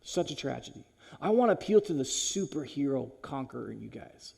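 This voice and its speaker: A man giving a talk at a school chapel, animated and direct, swinging between loud punchy lines and low hushed ones, calling the listeners "you guys". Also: brisk, creaky, breathy edge. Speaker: chapel speaker.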